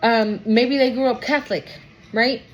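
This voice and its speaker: A woman's voice: fairly high pitch, fairly even intonation, normal speed. A woman giving a casual tarot reading to her viewers, chatty and emotional, often trailing off and restarting. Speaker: tarot reader. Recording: background noise.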